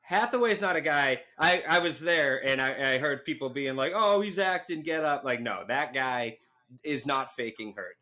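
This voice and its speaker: A man's voice: mid-range voice, moderate pace. A young man co-hosting a podcast, swearing often and laughing through casual chat. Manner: profane, animated, laughs a lot. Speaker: podcast co-host.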